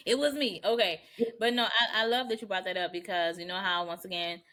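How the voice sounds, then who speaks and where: A woman co-hosting a podcast in casual chat, talking in a relaxed, slangy way with laughing asides. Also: fairly low pitch, a little fast. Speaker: podcast co-host.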